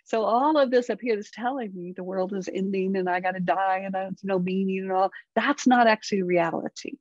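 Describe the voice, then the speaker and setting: A woman's voice: medium pitch, fairly quick, dry recording. Earnest woman therapist, dry dull sound. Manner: earnest, animated, acts out inner dialogue. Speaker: therapist and parent coach. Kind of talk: conversational interview.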